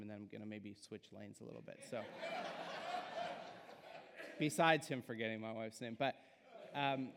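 Speaking in a low-ish, slightly bright voice, a young man delivers a guest sermon in a church sanctuary. His tone is relaxed and self-mocking, peppered with filler words, and the hall gives the recording a long reverb.

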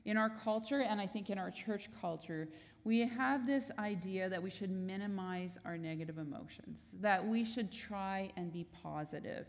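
A woman's voice: medium pitch, normal speed, big-room sound. A woman preaching a sermon in an earnest, explanatory way, sometimes acting out quoted prayers.

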